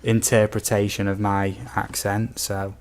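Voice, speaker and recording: A young gaming streamer from the United Kingdom speaks on the low side with a level tone and measured pace. In his casual live-stream chat he rambles, reading out viewer comments with lots of ums and asides.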